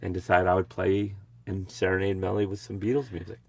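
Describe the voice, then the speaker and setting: Man, 50, very low and gravelly, telling a personal story haltingly. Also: level tone. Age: 50s. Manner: halting, many fillers. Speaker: interviewee, musician.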